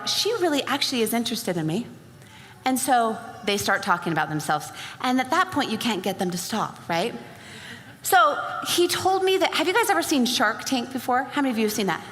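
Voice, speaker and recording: A woman with a slightly high, pushed and bright voice tells an energetic story at a sales event, acting out both halves of a dialogue for a live audience. The motivational talk is recorded in a large hall with reverb, plus a little hiss or hum.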